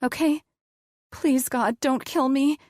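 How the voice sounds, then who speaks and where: A woman voicing a panicked, confused young woman patient in an audiobook, pleading in a shrill, frantic way. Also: normal speed, dry recording, clean studio sound, lightly acted. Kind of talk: audiobook character voice.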